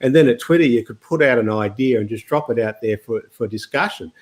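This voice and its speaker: A middle-aged man with an Australian accent, hosting a casual panel chat in a halting way, with many restarts. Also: mid-range voice. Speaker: host.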